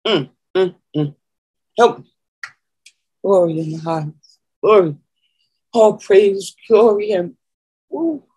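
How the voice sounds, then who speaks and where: A woman preacher giving an emotional spiritual testimony, moaning and sighing between phrases and pausing to collect herself. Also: mid-range voice, warm tone, breathy edge, low-quality recording.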